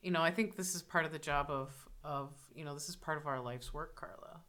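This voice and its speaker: A woman's voice: deep voice, brisk, a bit bright. Woman with a Minnesota accent. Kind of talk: casual chat.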